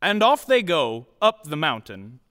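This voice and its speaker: A man narrates a playful western tale in a sing-song storybook manner. His voice is high and bright, and he takes his time. A long hall reverb hangs on every word. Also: sing-song, unhurried, slight background noise.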